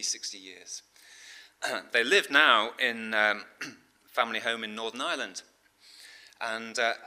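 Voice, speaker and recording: A middle-aged man preaching a sermon in a conversational storytelling way, with fillers and frequent throat-clearing. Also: mid-range voice, pushed and bright.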